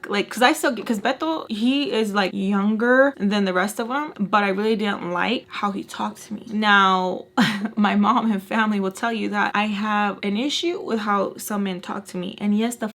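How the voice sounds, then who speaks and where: A woman tells a story straight to her viewers in a casual, blunt way, full of curses and "like." Her voice has a gravelly, frayed fry under an ordinary mid-range pitch. She sounds heated and unfiltered. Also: normal speed, a bit bright. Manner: heavy swearing, frequent "like" fillers. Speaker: storytime vlogger.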